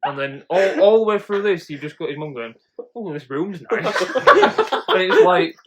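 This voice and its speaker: A man's voice: high-pitched, huge pitch swings, a little slow, fairly bright tone. A man telling stories on a podcast, laughing often and swearing freely. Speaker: podcast co-host. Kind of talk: casual chat, storytelling.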